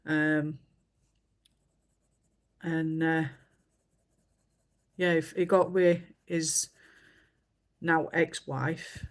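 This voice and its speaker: A woman's voice: low-pitched, flat delivery, drawn-out words, long pauses. A woman, chatting casually on a livestream and telling stories with many fillers. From England. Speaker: livestream host. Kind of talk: casual chat while colouring.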